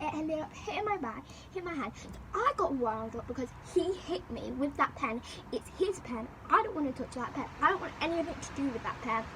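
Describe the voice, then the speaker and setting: A young woman vlogger telling a school story in a rambling, animated way, looping back over the same phrases. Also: high-pitched, noisy background. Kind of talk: storytime chat.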